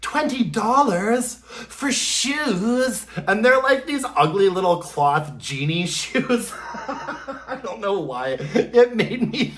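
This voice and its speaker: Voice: medium pitch, sing-song, takes it slowly, a bit bright. A vlogger giving a casual, rambling recap of a TV episode, with lots of "like"s and spoken sound effects. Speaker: candle review vlogger.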